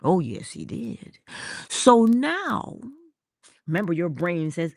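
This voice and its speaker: Lively woman giving a motivational talk. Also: lowish voice, takes it slowly, gravelly, long pauses, no room sound. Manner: animated, playful, theatrical. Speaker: inspirational speaker.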